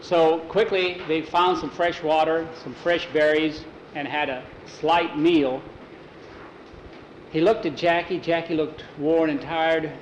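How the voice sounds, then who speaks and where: A man telling an adventure story aloud in a relaxed, homespun way, sometimes correcting himself mid-sentence. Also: fairly high pitch, slow. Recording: roomy, dull lo-fi, faint hiss.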